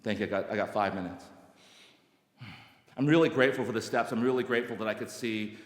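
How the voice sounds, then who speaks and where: A man in his sixties from Alabama, telling his own recovery story at a meeting in an animated, self-mocking way, with many restarts and acted-out quotes. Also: lowish voice, quick pace. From Alabama, United States. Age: 60s. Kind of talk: personal testimony talk. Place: large meeting hall. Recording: echoey hall reverb.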